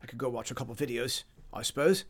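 A man's voice: medium pitch, fast. Rambling, self-mocking male podcaster. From foreign resident in Taiwan. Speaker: podcast host. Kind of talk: casual monologue.

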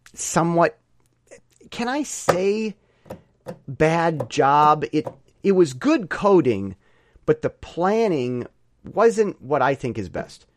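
A man's voice: on the high side, no room sound, studio quality. A man giving a casual weekly update, rambling through digressions and correcting himself with jokey asides.

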